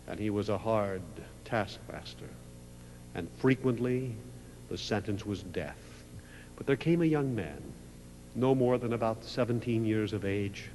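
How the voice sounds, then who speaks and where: Slow, dramatic male preacher. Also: lowish voice. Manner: slow, dramatic, swelling from hush to loud. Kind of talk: sermon with dramatic storytelling. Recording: reverberant hall with faint mains hum.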